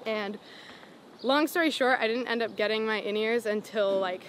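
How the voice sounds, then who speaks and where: A slightly high-pitched woman speaks at a normal pace: a Los Angeles singer-songwriter in her twenties, guesting on a casual interview on a city sidewalk. She tells a story chattily, dropping "like" constantly and laughing often, while street noise runs behind her.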